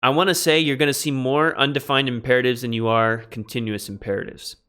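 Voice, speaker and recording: A man teaches biblical Greek in an easygoing lecture, his voice bright and pushing forward. He thinks aloud, corrects himself, and leans hard on the key phrases. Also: mid-range voice, fairly even intonation, fairly quick, clear, resonant tone. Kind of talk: casual classroom lecture.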